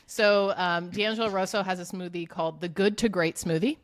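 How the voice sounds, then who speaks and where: A young woman with a Southern US accent, co-hosting a casual podcast chat, bubbly and full of quick asides. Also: on the low side, fairly even intonation, a little hiss or hum. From Georgia, US. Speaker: co-host.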